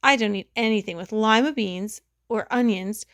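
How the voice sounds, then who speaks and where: A woman's voice: moderate pace, fairly bright tone, no echo, close to an everyday voice. A woman reading aloud, voicing a whiny, bratty six-year-old boy in a storybook. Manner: whining, high and sing-song.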